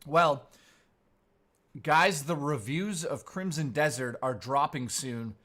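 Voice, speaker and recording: Speaking slowly in a slightly high voice, a man runs a live stream and chats casually with his audience. He's animated and playful, exchanging crude, joking banter with the chat.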